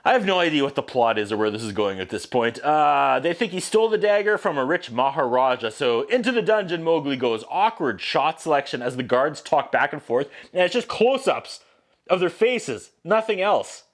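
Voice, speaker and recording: Male reviewer, fairly high voice, lively sarcastic recap delivery. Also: moderate pace. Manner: sarcastic, animated, puts on voices for quotes. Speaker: movie reviewer. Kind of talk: sarcastic comedic movie recap.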